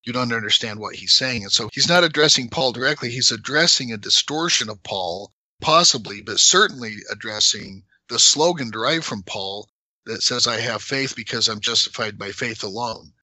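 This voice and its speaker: A middle-aged man explaining scripture in a measured, conversational way, sometimes emphatic. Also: mid-range voice, sharp tone, dry recording, rough recording.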